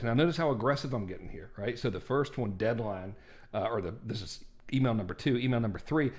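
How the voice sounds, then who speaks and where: A man's voice: medium pitch, a little fast. A man teaching a marketing lesson over a screen share, casual and self-deprecating, peppering his talk with "right?" and "like". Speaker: marketing course instructor.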